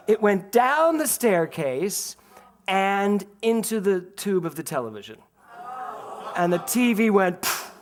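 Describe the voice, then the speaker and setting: A middle-aged man from delivers a sermon. He tells his anecdotes with lively energy and leans on quieter, slower phrasing when he turns to spiritual teaching. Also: high-pitched, a little hiss or hum. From Philadelphia, USA. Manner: animated storyteller, laughs through anecdotes, slows to calm spiritual emphasis. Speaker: minister. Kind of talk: sermon with personal storytelling.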